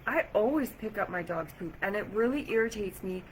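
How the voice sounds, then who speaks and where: A woman vlogging to camera, chatty and animated as she retells an irritating day, with lots of "like". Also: mid-range voice, brisk, hardly any pauses, slight background noise, poor audio. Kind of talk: casual storytelling to camera. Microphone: camera or phone mic.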